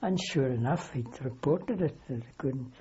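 A man's voice: medium pitch, expressive, moderate pace, muffled recording, a crowd in the background. An older man, a wartime aircrew veteran, telling a long anecdote in an oral history interview. He rambles, corrects himself as he goes and keeps a dry humour.

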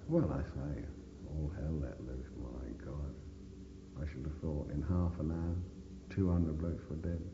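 Older man, blunt swearing storyteller, lively rising and falling voice, long room reverb. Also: low voice, slight background noise. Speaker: veteran interviewee. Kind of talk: oral history recollection. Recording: dull echoey recording in reverberant room.

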